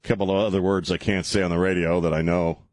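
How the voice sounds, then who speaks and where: A man's voice: low voice, little pitch movement, fast talker, a little mellow, no echo. A man hosting a radio talk show, joking, rambling and laughing as he chats in a studio. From South Texas. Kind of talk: casual radio banter. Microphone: studio microphone.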